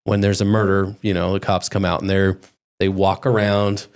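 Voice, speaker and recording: This man hosts a casual podcast, guiding the chat and walking through news cases. His voice sits low and smooth, moving little in pitch, at an ordinary pace.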